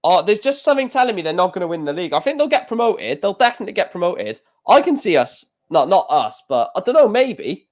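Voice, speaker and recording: A high-pitched man calls the darts scores in a casual live reaction stream. He rambles between throws, restarting sentences, and gets excitable as he talks about his football club. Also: fast, hardly any pauses.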